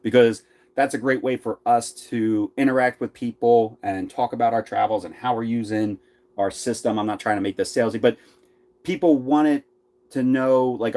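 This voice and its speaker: A man's voice: fairly low pitch, darkish tone. A man with a Philadelphia accent co-hosting a casual RV chat, rambling and laughing often. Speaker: RV vlogger co-host.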